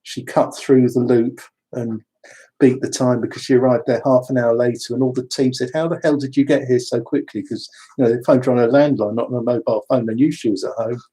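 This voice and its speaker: A man talks about the spirit in a loose, rambling way and wanders into asides. His voice is mellow and a little husky. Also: mid-range voice, level tone, fairly quick. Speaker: spiritual speaker. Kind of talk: casual spiritual talk.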